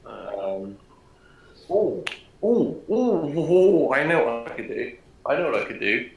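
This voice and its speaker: A man's voice: medium pitch, very animated, slow pace, vocal fry, a little hiss or hum. A man in the middle of a tabletop game talks through his plans eagerly, repeating himself as ideas come. His voice sits mid-range and rings in an echoey room. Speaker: player.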